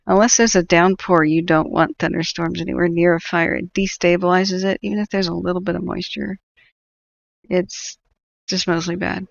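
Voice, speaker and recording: Sardonic woman with a gravelly voice. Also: fairly low pitch, little pitch movement, moderate pace, no echo, muffled recording. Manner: sardonic, laughs often, rambling. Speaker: wildfire-tracking livestream host. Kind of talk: live stream commentary.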